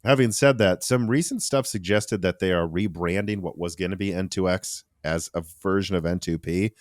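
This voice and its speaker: A man hosting a casual tech podcast, talking in an animated, rambling way with restarts and asides. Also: low-pitched, normal speed, dry recording, studio quality. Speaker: podcast host.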